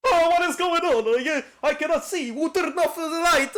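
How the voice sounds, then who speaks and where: A man voicing a baffled male stage magician with an exaggerated thick Russian accent. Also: moderate pace. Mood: bewildered. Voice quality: loud, high, exaggerated accent.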